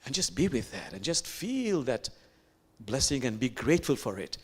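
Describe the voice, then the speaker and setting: Male imam preaching, lively rising and falling voice, reflective with whispered asides. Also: medium pitch, breathy edge. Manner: reflective, slow with pauses, drops to whispers. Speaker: imam giving a sermon. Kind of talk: sermon.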